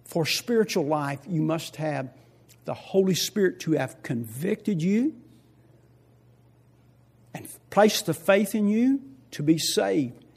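An older man preaching a sermon as pastor, swinging between loud emphatic lines and quiet asides, repeating key phrases and asking the congregation questions. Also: sits high, animated, takes it slowly, creaky, long pauses, slightly rough.

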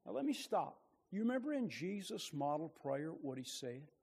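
A man preaching a sermon with passion, rising to loud bursts and dropping to quiet, low asides. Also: very animated, normal speed, gravelly, few pauses, breathy edge, in a large hall.

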